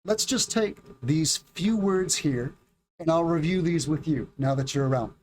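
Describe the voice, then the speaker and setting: Livestreaming a casual English lesson, a middle-aged man from the United States reads the chat and works on pronunciation slowly and clearly. His voice is fairly high and a little mellow, with slight background noise.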